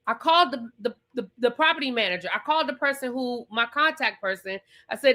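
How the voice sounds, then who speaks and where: A woman's voice: sits high, animated, fairly quick, hardly any pauses, bright, forceful tone. A woman vlogger recapping a reality show in casual chat, emphatic and repetitive, swearing freely. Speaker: TV review vlogger.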